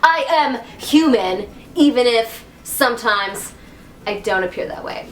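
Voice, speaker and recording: A bubbly young woman talks casually to her viewers, quick to giggle. Her voice is bright and forward. The sound carries a noticeable room echo. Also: fairly high pitch, expressive, slight background noise. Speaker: YouTube wellness host. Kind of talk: casual talk to camera. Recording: echoey room.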